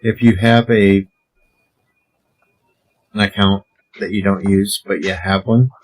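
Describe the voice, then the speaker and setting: Low-voiced man hosting a stream. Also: fairly even intonation, slow pace, rough recording. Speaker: stream host. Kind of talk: casual chat.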